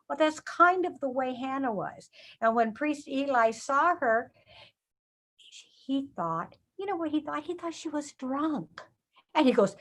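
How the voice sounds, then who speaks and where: An older woman telling a Bible story to children in a lively way, often asking them questions. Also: high voice, normal speed. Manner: animated, asks children questions.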